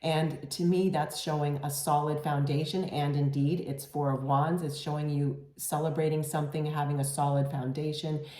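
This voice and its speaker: A woman with a low, mellow voice gives a gentle tarot reading straight to camera. She talks in a reassuring, unhurried way, full of ums and restarts. The room around her sounds echoey. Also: flat delivery. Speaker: tarot reader.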